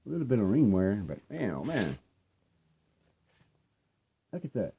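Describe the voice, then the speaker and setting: A man's voice: on the low side, big pitch swings, a little slow, creaky, mellow, a little hiss or hum. An older man casually showing off his record finds, talking in a loose, rambling, laid-back way with lots of fillers. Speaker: vinyl collecting vlogger. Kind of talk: casual rambling show-and-tell.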